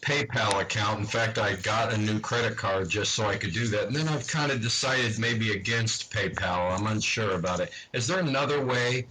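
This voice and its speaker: A man's voice: fairly low pitch, moderate pace, hardly any pauses, bright, forceful tone, slight background noise, poor audio. A man calling in to a stream as a longtime listener, talking casually in a hesitant, rambling way with many restarts. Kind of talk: casual chat.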